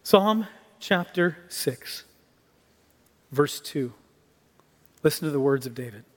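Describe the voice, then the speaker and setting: High-voiced preacher in a reverberant hall. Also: male voice, takes it slowly. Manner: expressive preaching, rising for emphasis and dropping to near hush. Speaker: pastor. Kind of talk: sermon. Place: church sanctuary.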